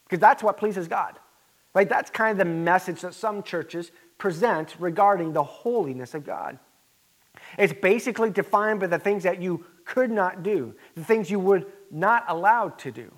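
A pastor preaching a sermon in an earnest, emphatic way, with conversational asides. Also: male voice, high-pitched.

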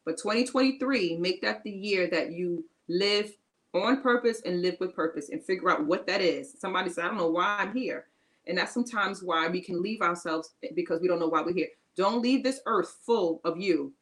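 Woman podcast co-host, fairly low voice, preachy and emphatic, repeats her points, loose casual grammar. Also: normal speed, poor audio. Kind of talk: encouraging faith-based podcast talk.

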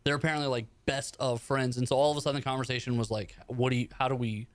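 Male podcast co-host, quick-talking, animated and sarcastic in banter. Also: medium pitch. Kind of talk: casual pop-culture chat.

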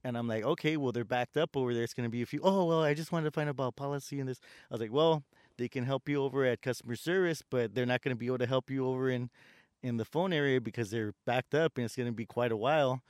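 A man's voice: mid-range voice, fast talker, smooth, dry recording, studio quality. A man ranting casually about his customer service job, swearing and acting out the customers he deals with. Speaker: store door greeter in customer service. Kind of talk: casual chat.

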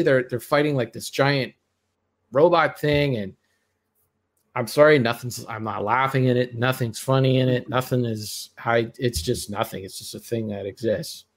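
A man hosting a podcast, chatting casually and giving his blunt, rambling opinions. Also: mid-range voice. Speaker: podcast host. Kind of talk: casual chat.

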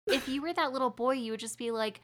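A woman's voice: high-pitched, fast, a bit bright, slight background noise. A young woman talking casually about a movie, chatty, laughing often and acting out lines.

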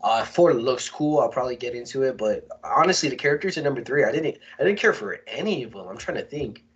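Slangy, animated man chatting. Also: mid-range voice, fast talker, highs cut off. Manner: animated, slangy, swears a lot. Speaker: podcast co-host. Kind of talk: casual chat.

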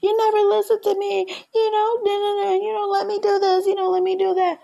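A woman voicing a loud, defiant child who protests at a parent in a whiny way. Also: extremely high pitch, completely flat delivery, a little fast, creaky, pitched above the performer's own voice, exaggerated voice.

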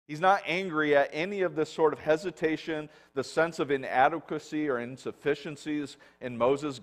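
A man preaching a conversational sermon as a pastor, casually acting out biblical dialogue and peppering it with "like". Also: fairly high pitch.

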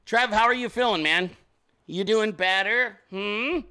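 Male host: bright, tense-edged voice, casual joking rambler who swears freely. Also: high voice, measured pace, smooth. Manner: reads sponsor ads informally. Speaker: show host. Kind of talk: casual live-stream commentary.

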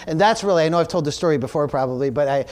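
A man's voice: a little high, very fast, darkish tone. A male pastor preaching a sermon, telling a personal story in a candid, self-deprecating way. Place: church service.

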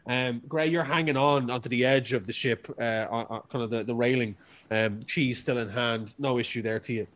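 A man's voice: medium pitch, fairly even intonation, moderate pace, fairly bright tone. A man narrating as game master in a tabletop game, loose and rambling with many fillers.

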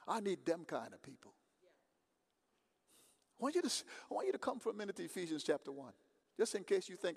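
A man preaching a sermon in a conversational way, swinging from quiet storytelling to loud emphasis. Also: high voice, very animated, a little fast, vocal fry, long pauses, slightly rough. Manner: conversational, swings from quiet to shouting, acts out dialogues. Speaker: pastor.

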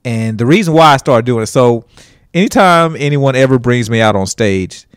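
A man with a Southern accent talks through his stand-up stories in an easy, animated way and acts out quoted lines. His voice sits at a middling pitch. The sound is dry and close, with no room around it. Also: moderate pace, clear, resonant tone, dry recording. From Alabama, US. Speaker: stand-up comedian guest. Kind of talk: casual conversation.

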